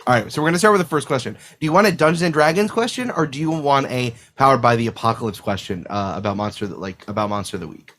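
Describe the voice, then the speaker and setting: A man hosts a podcast at a middling pitch, rambling his way through the setup. He cracks jokes and swears freely in loose, casual chat. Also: animated, fast talker, few pauses, fairly bright tone. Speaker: podcast host. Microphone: remote call microphone.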